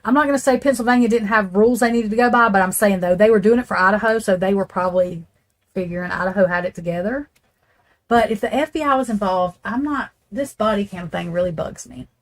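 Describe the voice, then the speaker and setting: A woman's voice: medium pitch, fast talker. A woman hosting a casual true crime talk, rambling and blunt, swearing freely as she speaks straight to her viewers. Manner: rambling, blunt and profane, talks straight to chat. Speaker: true crime channel host.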